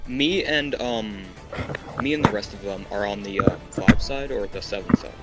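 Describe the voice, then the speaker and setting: A man playing a tabletop game, with a fairly low voice and a habit of swearing. He explains his rolls and bonuses, and game music is clearly heard behind him. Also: moderate pace. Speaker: player. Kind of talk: casual tabletop game chat.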